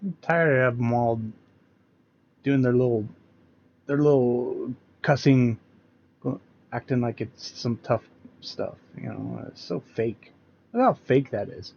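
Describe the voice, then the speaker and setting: A man's voice: medium pitch, takes it slowly, gravelly, pauses often, lo-fi sound, a little hiss or hum. A man hosting a reaction commentary show, ranting in a sarcastic, mocking way.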